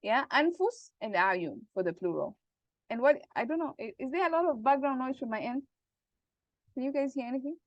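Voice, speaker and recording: A woman teaching Arabic grammar in an online class, explaining slowly and checking that students follow. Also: high-pitched, expressive, no echo, muffled recording. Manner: patient, repeats points and checks understanding.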